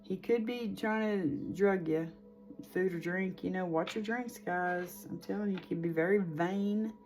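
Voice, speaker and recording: A woman's voice: lowish voice, unhurried, a little mellow, soft background music. A woman in her forties giving a casual, chatty tarot reading, rambling with lots of fillers. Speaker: tarot reader.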